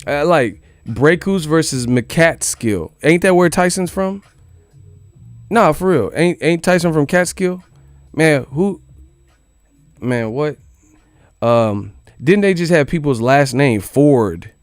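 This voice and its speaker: A man's voice: on the high side, lively intonation, slow, dry recording. A man hosting a boxing news channel in casual commentary, joking and incredulous, with plenty of swearing. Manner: incredulous, joking, profane rant.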